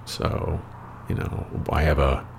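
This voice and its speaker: A man's voice: slow, a little hiss or hum. An American man telling rambling, wry personal anecdotes with plenty of profanity in a casual storytelling style. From United States. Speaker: storyteller host.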